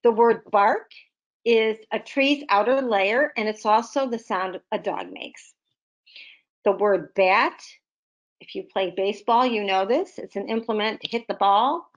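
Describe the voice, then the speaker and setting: A woman literacy tutor giving a recorded vocabulary lesson, explaining slowly with many everyday examples. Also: medium pitch, dull audio.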